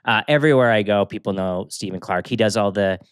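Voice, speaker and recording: A man co-hosting a podcast in casual chat, an animated storyteller who often quotes other people. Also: lowish voice, fast, clear, resonant tone, no echo, clean studio sound. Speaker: podcast co-host.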